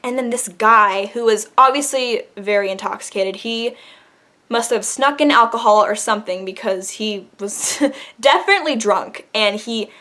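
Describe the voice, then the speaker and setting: A woman's voice: on the high side, moderate pace, bright, forceful tone. Chatty young woman telling a story. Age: young adult. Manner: chatty, laughs while telling, many fillers. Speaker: vlogger. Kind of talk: casual story time.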